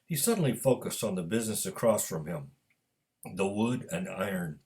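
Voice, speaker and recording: A man narrating a story at a measured pace. His voice is low, and his pitch moves with lively expression. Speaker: author and storyteller. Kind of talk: reading a story aloud.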